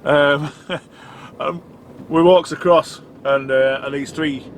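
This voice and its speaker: Chatty trucker over road noise. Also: male voice, a little high, fairly even intonation, takes it slowly. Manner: chatty, self-mocking, laughs often. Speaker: trucker vlogger. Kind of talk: casual chat while driving. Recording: noisy truck cab.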